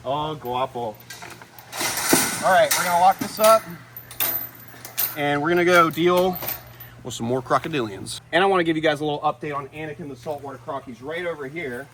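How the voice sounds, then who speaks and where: A man keeper hosting a casual vlog outdoors among animal enclosures, excitable and shouting at the animals now and then. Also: on the high side, moderate pace, long pauses, noisy background. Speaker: reptile keeper and host.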